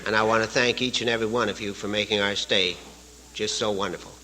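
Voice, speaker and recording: A man's voice: on the low side, steady tone, quick pace, pushed and bright, slight background noise, low-quality recording. A man from Canada giving a folksy, joke-filled talk at a recovery retreat, chuckling at his own stories. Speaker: AA speaker. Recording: archival live talk recording.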